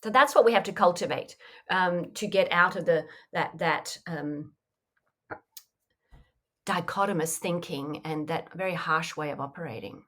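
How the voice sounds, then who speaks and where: A woman's voice: on the low side, measured pace, fairly bright tone. A woman coach answering interview questions in a reflective, conversational way, often saying "you know". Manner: reflective, acts out inner voices in quotes, frequent "you know". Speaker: mindfulness coach, podcast guest.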